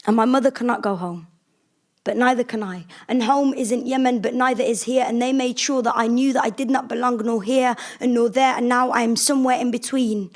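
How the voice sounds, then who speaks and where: A woman's voice: a little high, steady tone, fairly quick. Woman performing spoken word poetry. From England. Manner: rhythmic, emphatic poetic delivery. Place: conference room before an audience.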